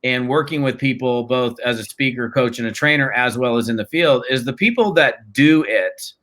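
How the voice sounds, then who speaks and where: A network marketing trainer in his fifties appears as an interview guest, telling stories energetically in casual slang and often restarting his sentences. He speaks at normal speed with a medium pitch.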